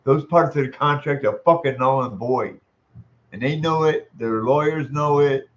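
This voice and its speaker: A man's voice: medium pitch, normal speed, lo-fi sound. A man venting in an angry, profanity-laced monologue, exasperated and repeating himself. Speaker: vlogger.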